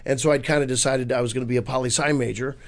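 A man's voice: medium pitch, fairly even intonation, very fast. A man from Missouri, an improv comedian and guest, telling rambling, self-deprecating stories in a casual interview chat. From Missouri, USA.

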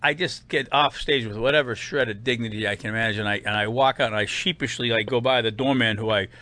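A man's voice: medium pitch, fast. A man in his fifties with a Boston accent, a comedian telling rambling stories full of fillers in an interview. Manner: rambling, animated anecdotes with many fillers. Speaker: guest comedian. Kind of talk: casual storytelling interview.

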